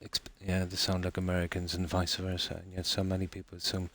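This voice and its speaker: This Irish streamer has a notably deep, low voice that nonetheless sounds fairly bright, delivered fast and in a monotone. While playing, he rambles to his viewers, frequently restarting and saying um.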